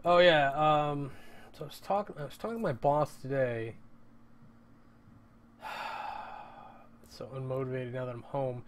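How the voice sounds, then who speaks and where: A man's voice: mid-range voice, fairly even intonation, a little slow, long pauses, a little hiss or hum. A man rambling casually at home in a vlog, interrupting himself and swearing often. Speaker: vlogger.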